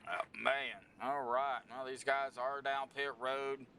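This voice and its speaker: A man's voice: mid-range voice, flat delivery, takes it slowly, sharp tone, a little hiss or hum. A man giving casual, folksy sim racing commentary. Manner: casual, folksy, breaks into laughter. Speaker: race commentator.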